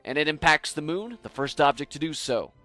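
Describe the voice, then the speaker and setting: A man's voice: on the high side, lively intonation, brisk, pushed and bright, dry recording, soft background music. A young man narrating a scripted science lesson in a playful, jokey, theatrical way. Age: young adult. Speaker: science educator.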